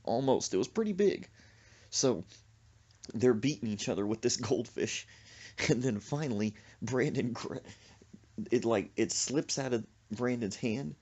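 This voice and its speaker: A man's voice: mid-range voice, animated, a little slow, darkish tone, husky, muffled recording. A man telling a comic story on a podcast, exaggerating and making sound effects as he goes. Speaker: comedic storyteller. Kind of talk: animated comedic storytelling.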